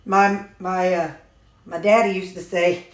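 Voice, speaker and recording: A woman's voice: lowish voice, little pitch movement, a little slow, echoey room. A woman chatting casually while she makes supper, rambling through a story with lots of ums. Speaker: vlogger showing her meals.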